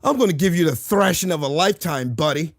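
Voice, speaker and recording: A man's voice: a little high, animated, quick pace, dry recording, clean studio sound. A man voicing a blustering, mock-threatening Canadian tough guy. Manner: mock-threatening, loud and rising.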